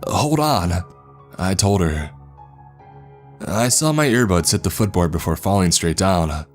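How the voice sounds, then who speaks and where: A man narrating a horror story in a measured, dramatic storytelling manner. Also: sits low, animated, soft background music.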